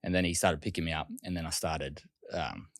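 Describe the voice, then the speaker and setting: A man's voice: a bass voice, fairly even intonation, brisk, dry recording, clean studio sound. An Australian man telling his life story as an interview guest, in a loose, casual way with frequent swearing and fillers.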